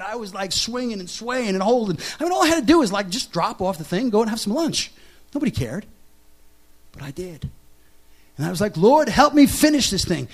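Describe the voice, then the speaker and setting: A man preaching a sermon, telling his own testimony and asking the congregation questions, swinging from loud excited storytelling to a hushed, soft confession. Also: high voice. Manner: asks the audience questions.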